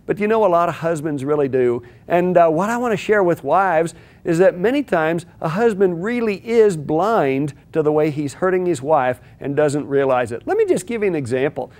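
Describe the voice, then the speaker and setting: A man teaches about marriage, telling a story to make his point. His voice sits a little high and he speaks earnestly. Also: lively intonation, a little fast, hardly any pauses, darkish tone. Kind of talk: teaching talk with illustrative story.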